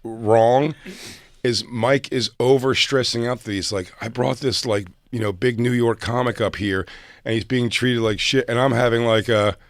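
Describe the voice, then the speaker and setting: A man's voice: mid-range voice, moderate pace, no room sound, studio quality. A man telling a rambling story on a casual podcast, acting out what people said. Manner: rambling, animated, acts out quotes. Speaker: comedian.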